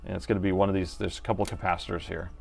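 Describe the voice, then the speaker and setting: A middle-aged man with a fairly low voice hosts a live repair stream. He talks casually while he works, thinks out loud and trades jokes with the chat. Soft music plays faintly behind him. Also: flat delivery, racing, creaky. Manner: chatty, thinking aloud, joking with chat. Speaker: host and laptop repair technician.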